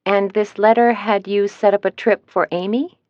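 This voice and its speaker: Woman reading cheery talkative woman travel agent, higher bright voice, dry slightly muffled audio. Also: steady tone, moderate pace, no room sound, close to an everyday voice. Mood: chirpy.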